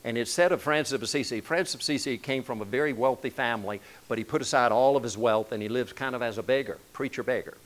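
A man's voice: mid-range voice, fast, hardly any pauses, low-quality recording. A man preaching a sermon as pastor, telling stories in a loose, conversational way with frequent restarts.

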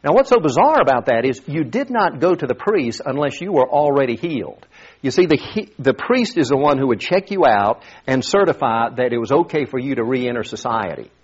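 Male pastor, casual sermon delivery with restarts, slightly husky voice, dull lo-fi recording. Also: medium pitch, animated, brisk. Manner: conversational, repeats words while thinking. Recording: dull lo-fi sound.

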